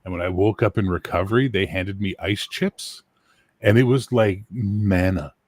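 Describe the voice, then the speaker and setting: A man's voice: low-pitched, normal speed, no room sound. A man co-hosting a casual livestream chat, joking and sliding into mock tough-guy voices. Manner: jokey, breaks into put-on tough-guy voices. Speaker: co-host.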